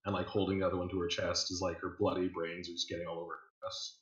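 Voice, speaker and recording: Low-voiced guy game-mastering, lots of ums and likes, echoey room. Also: flat delivery, racing, fairly bright tone, highs cut off. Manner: casual, filler-heavy storytelling. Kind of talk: narrating a tabletop game.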